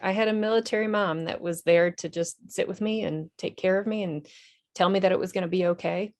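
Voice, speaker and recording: A woman's voice: on the low side, steady tone, a little fast, darkish tone. A woman, an Army veteran and nonprofit director, telling her story in a TV interview in an earnest, candid way with small restarts.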